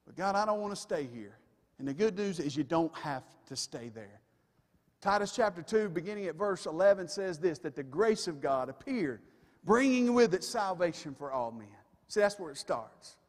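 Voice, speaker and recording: Guy preaching in church, kinda high voice, big echoey hall ringing after every line, folksy asides. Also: expressive, moderate pace. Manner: emphatic, folksy asides to the congregation. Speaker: pastor. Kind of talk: sermon. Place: church sanctuary. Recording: long reverb of a church hall.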